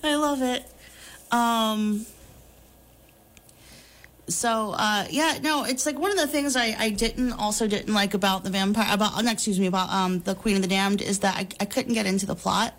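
A woman in her thirties co-hosting a podcast, talking in a loose, rambling, animated way with plenty of fillers and laughs. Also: mid-range voice, normal speed. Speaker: podcast co-host. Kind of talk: casual chat.

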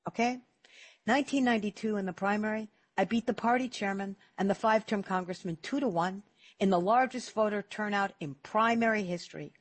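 An older woman hosting a radio talk show, telling stories in a lively, emphatic way with repeated words. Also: mid-range voice, a little fast. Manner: animated storytelling, emphatic repetitions. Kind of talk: casual talk radio chat.

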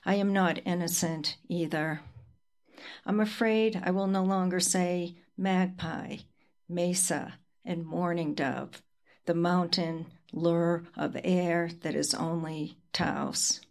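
A woman reading her poetry aloud at a live reading, in a slow and deliberate recitation with pauses. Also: fairly low pitch, steady tone. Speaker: poet.

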